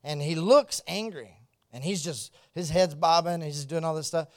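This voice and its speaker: A man recounting a mission story in a fairly high, animated voice. He laughs often and acts out the dialogue, then goes hushed and earnest when it turns serious. The sound is bone-dry, with no room around it. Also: normal speed, no echo. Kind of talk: storytelling testimony.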